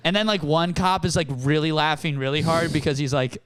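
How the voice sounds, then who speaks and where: A man's voice: a little high, fairly quick, smooth, no room sound. A young man on a comedy podcast, telling a story with lots of acted-out quotes in a casual chat. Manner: animated storytelling, acts out cops and himself in quoted voices.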